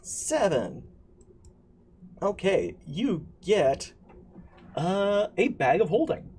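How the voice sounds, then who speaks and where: A man narrating as game master of a streamed tabletop game, pausing often with fillers and restarts. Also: high voice, very animated, darkish tone, slight background noise. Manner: halting, many fillers and restarts. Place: streaming setup.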